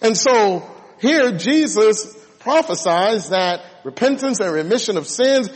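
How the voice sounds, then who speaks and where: A man's voice: high-pitched, animated, a little slow. A man preaching a sermon, stressing and drawing out key words to make his points. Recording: long hall reverb.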